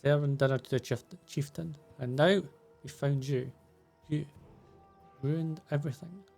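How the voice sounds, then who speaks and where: A man's voice: fairly high pitch, steady tone, unhurried, gravelly, darkish tone, soft background music. A man reading the lines of a resentful, reproachful tribeswoman aloud from game subtitles, in his own voice.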